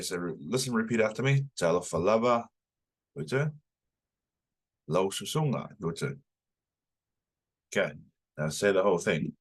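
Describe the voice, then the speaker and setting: A man's voice: on the low side, slightly rough. A man from New Zealand with a New Zealand accent, teaching a casual online language lesson and having the learner repeat phrases after him. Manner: chatty, loose, repeats phrases for the learner to echo.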